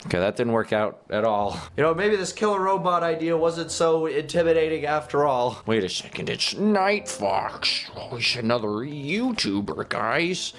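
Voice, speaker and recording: A man hosting a gaming video, giving excitable commentary and talking to viewers, with stammered repeats. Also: fairly high pitch, moderate pace, few pauses.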